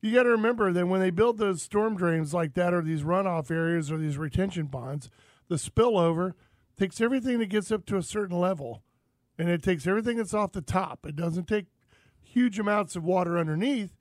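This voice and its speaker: A man's voice: high-pitched, fairly quick, dry recording. A man from Florida hosting a casual outdoors radio talk show, rambling and folksy as he talks over his co-hosts. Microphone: studio microphone.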